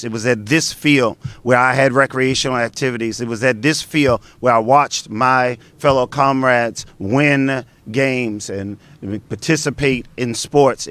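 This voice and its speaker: A man's voice: mid-range voice, a bit bright. A man giving an earnest ceremony speech, building his points with repeated phrases.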